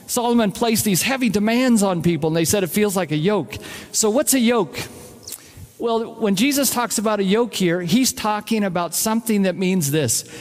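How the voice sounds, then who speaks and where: A man's voice: sits high, animated, moderate pace. A man preaching a sermon as pastor, emphatic and direct, repeating his key phrases to the congregation. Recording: long reverb of a large hall.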